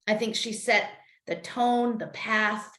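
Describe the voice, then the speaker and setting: A woman's voice: fairly high pitch, slow, fairly bright tone. A woman co-hosting a parenting podcast, talking earnestly and at length about her own experience in casual chat. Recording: roomy echo.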